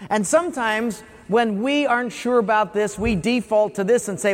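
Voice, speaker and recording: A man's voice: sits high, normal speed. A man preaching a sermon in a church. He asks rhetorical questions and acts out little scenes in other voices. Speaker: pastor. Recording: long reverb of a large hall.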